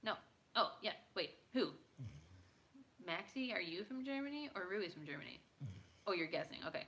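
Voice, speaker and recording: Chatting casually with her viewers late at night, a tired woman streamer stays bubbly and playful. Her fairly low, slightly bright voice swings hugely in pitch at a moderate pace; she speaks English natively, and a little hiss or hum is audible.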